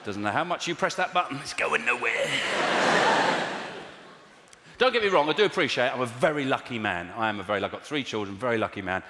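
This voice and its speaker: Through a stage mic in an echoey theatre full of loud laughter, a comedian from England delivers his routine very fast, his medium-pitched voice lively in intonation. He's wry and exasperated, flaring into mock outrage now and then, and there's slight background noise.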